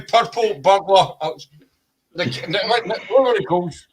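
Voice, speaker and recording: A man's voice: high-pitched, moderate pace, fairly bright tone, a little hiss or hum. A Scottish man in casual, sweary, self-mocking banter with friends. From Scotland. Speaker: chat room participant.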